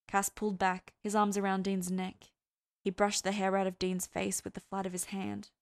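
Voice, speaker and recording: A woman who hosts a podcast, narrating fan fiction in a soft, even storytelling way. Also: medium pitch, moderate pace. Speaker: podcast host and reader.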